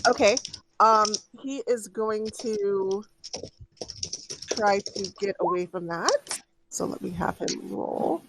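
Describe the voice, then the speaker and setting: A woman's voice: mid-range voice, lively intonation, slow pace, pauses often, background noise. A woman running a tabletop game as dungeon master, patiently guiding the players. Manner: patient, stops to direct players.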